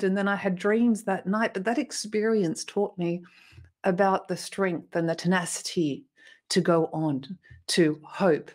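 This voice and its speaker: A woman's voice: mid-range voice, a little mellow. A woman guest in an interview, earnestly retelling a personal experience with emotion and small restarts. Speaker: interview guest, motivational speaker.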